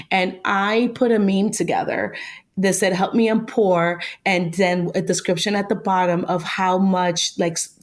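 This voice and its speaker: A woman as a podcast guest, chatting casually and playfully about a film. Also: mid-range voice. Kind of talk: casual chat.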